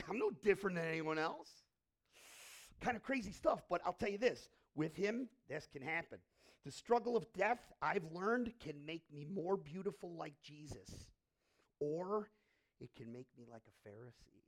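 A man preaching a sermon as pastor, swinging from hushed asides to loud, animated passages and acting out quoted voices. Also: a little high, normal speed.

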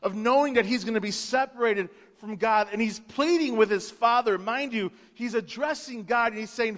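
High-voiced preacher guy, gets quiet then loud, big echoey hall. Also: moderate pace, hardly any pauses. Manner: impassioned, swings from hushed to loud, acts out quotes. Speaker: pastor. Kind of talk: Easter sermon. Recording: long hall reverb.

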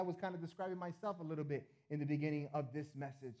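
Middle-aged male pastor, mellow and a bit high, earnest sermon delivery with repeated phrases. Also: steady tone, quick pace, few pauses. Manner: earnest, repeats phrases, swings between loud appeals and soft asides.

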